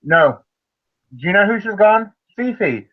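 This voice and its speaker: A man co-hosting a loose roundtable chat, with a slightly high voice that swings widely in pitch. He jokes and swears freely, and the sound is lo-fi and a little muffled. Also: moderate pace. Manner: swears often, animated and joking. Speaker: podcast co-host.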